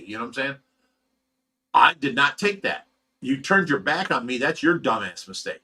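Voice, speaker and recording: A man telling a rough, profane story in casual chat as a host. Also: mid-range voice, very animated, moderate pace, bright, forceful tone. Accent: Ohio. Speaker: fish rescue host.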